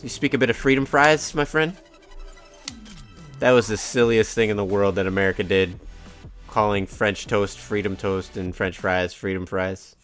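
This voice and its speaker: A man's voice: fairly low pitch, fairly bright tone. A man casually commenting on his own racing game during a live stream, chatting to his cat and to himself. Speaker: gaming streamer.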